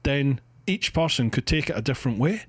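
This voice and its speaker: A man's voice: medium pitch, lively intonation, a little fast, a bit bright, breathy edge, dry recording. A Scottish man hosting a podcast, chatting casually and swearing cheerfully over a video call, often breaking into laughs. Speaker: podcast host.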